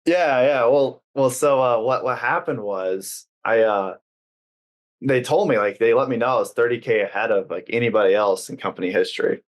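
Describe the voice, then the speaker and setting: Being interviewed as a podcast guest, this young adult man has a medium-pitched voice and a moderate pace. His talk is earnest and casual, peppered with "like" and hesitant restarts.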